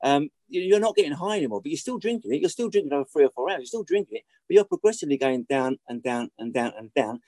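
Fast-talking blunt middle-aged man. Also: a little high, lively intonation, mellow, no echo. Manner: blunt and sweary, repeats points for emphasis. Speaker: guest. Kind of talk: candid conversational storytelling.

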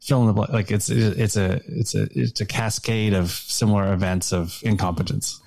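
Man, gravelly low voice, rambly, fillers, dry sound. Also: steady tone, moderate pace, darkish tone, dry recording. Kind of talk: casual podcast chat.

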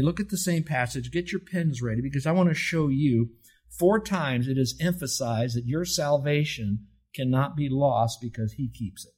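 An older male pastor delivers a sermon in a husky, slightly breathy voice of middle pitch. He asks rhetorical questions and drags out key words for emphasis.

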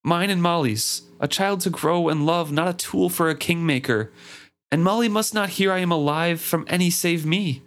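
A man's voice: fairly high pitch, normal speed, voice pushed up, lightly acted. Man doing a feverish young man crying out. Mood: desperate. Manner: pleading, crying out in raised voice.

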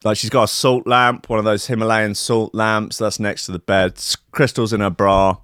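A man's voice: fairly low pitch, level tone, moderate pace, fairly bright tone, clean tone, no echo, clean studio sound. A man telling a comic anecdote in a wry, rambling, sarcastic way. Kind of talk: comic storytelling monologue.

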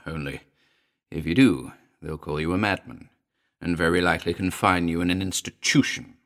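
A man's voice: deep voice, moderate pace, a bit bright, pitched below the performer's own voice. A man voicing a proud, mocking male scientist in an audiobook, speaking with scorn and laughter in his voice. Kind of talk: audiobook character voice.

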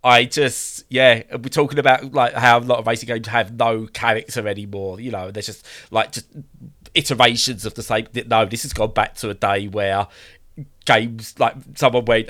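A man's voice: medium pitch, steady tone, normal speed, fairly bright tone. A man co-hosting a casual podcast chat, rambling enthusiastically with lots of fillers and restarts. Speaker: podcast co-host.

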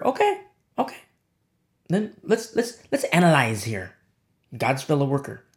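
A man preaching a sermon as pastor, swinging between low, hushed lines and sharp, high exclamations. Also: huge pitch swings, a little slow.

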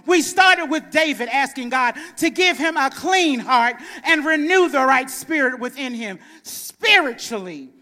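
High, bright-voiced shouting preacher. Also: male voice, expressive, measured pace, hardly any pauses. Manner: swings between shouted preaching and soft chuckling asides. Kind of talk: sermon. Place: church. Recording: reverberant church hall.

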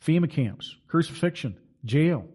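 A man's voice: on the high side, animated, measured pace, darkish tone, breathy edge. A middle-aged man delivering an impassioned, preaching monologue as a Christian commentator, emphatic and full of rhetorical questions.

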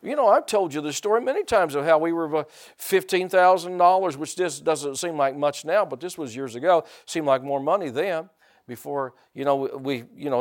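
Man preaching with sudden loud bursts. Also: on the high side. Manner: repeats words and restarts often; asks the congregation rhetorical questions. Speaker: pastor. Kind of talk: sermon.

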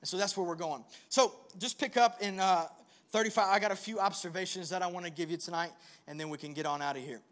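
A man's voice: sits high, quick pace, fairly bright tone. A young man preaching a conversational sermon, telling a story with self-deprecating humor before turning earnest and reassuring. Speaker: pastor.

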